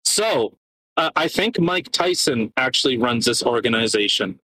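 A man's voice: mid-range voice, lively intonation, normal speed, pushed and bright, breathy edge, poor audio. A man co-hosting a casual podcast, ranting sarcastically, swearing often and stumbling as he reads out documents. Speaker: podcast co-host.

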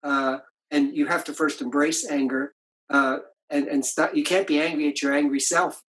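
An older man, an author in an interview, reflectively shares stories about his marriage in a conversational way, restarting his anecdotes often. His voice is a bit high and bright, with a steady tone and normal pace, and the audio is poor.

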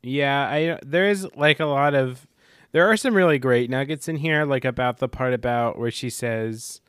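A man's voice: medium pitch, moderate pace, smooth, no echo, studio quality. A man co-hosting a podcast, chiming in with brief casual remarks. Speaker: podcast co-host. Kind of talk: casual chat.

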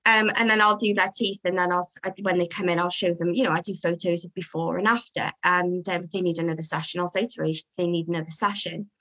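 A woman's voice: on the low side, fast talker, hardly any pauses, poor audio. A woman, a dog groomer, chatting in an interview and acting out what her customers say. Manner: chatty, animated, acts out customers' voices. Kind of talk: casual interview chat.

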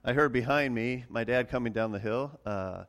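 A middle-aged man preaching a relaxed sermon, mixing farm stories with scripture in a conversational, self-deprecating way. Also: mid-range voice, normal speed, a little hiss or hum. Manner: conversational, many restarts and fillers, chuckles at himself. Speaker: pastor. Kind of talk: casual sermon with personal stories.

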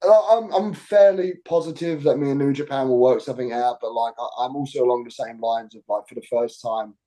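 Cockney guy in an interview, mellow voice, rambles with lots of "like"s. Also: mid-range voice, brisk, rough recording. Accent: Cockney English. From England. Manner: rambling, hesitant, full of fillers like "like". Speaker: wrestler being interviewed. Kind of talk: interview conversation.

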